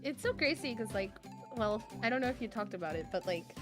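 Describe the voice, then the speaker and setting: A woman's voice: a little high, lively intonation, fairly quick, over music. A woman guest in a casual chat, rambling with lots of fillers and giggling.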